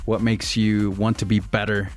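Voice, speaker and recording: A man hosting a casual studio interview, upbeat and quick, leading his guests with questions. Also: fairly low pitch, flat delivery, faint music behind. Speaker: podcast host.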